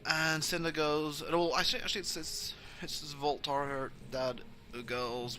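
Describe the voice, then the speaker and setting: A man's voice: on the high side, level tone, measured pace, pushed and bright, slight background noise, rough recording. A man casually narrating a role-playing game, paraphrasing characters' lines in playful voices. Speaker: let's play narrator.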